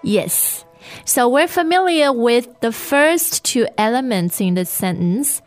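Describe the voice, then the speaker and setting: A woman leads a podcast language lesson at an unhurried pace. She models each word carefully and repeats it so the listener can follow. Soft music sits faintly behind her. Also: fairly high pitch, expressive. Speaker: language teacher.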